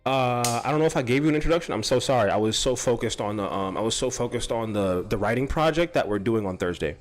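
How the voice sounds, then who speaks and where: A man's voice: mid-range voice, lively intonation, fast. Rambling, stumbling stoned man. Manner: repeats and stumbles over words, swears often. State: high. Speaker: podcast host.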